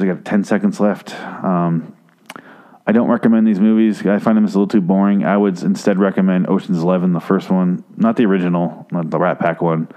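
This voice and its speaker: Low-voiced man ranting about movies. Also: warm tone. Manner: rambling, exasperated, swears a lot, voice jumps high when worked up. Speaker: movie reviewer. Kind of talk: casual profane movie rant.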